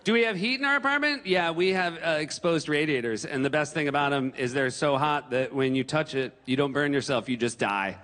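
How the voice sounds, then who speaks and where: A man in his forties from New Hampshire doing animated stand-up comedy on a theater stage. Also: a little high, brisk, few pauses, noisy background. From New Hampshire, USA. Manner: animated, breaks into yelled impressions. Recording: stage mic in a reverberant hall.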